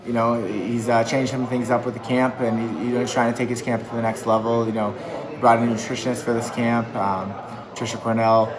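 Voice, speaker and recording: A man's voice: mid-range voice, flat delivery, brisk, a crowd in the background, low-quality recording. A man who coaches MMA, talking casually and upbeat in an interview, with lots of fillers. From New England.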